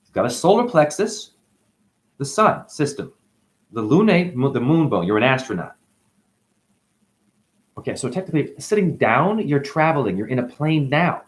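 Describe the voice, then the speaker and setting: A man giving a free-flowing spiritual monologue on his channel. He talks animatedly, calls the listener honey, and swings between loud bursts and whispers. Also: moderate pace, pauses often. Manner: animated, sudden jumps in pitch and loudness. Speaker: spiritual vlogger.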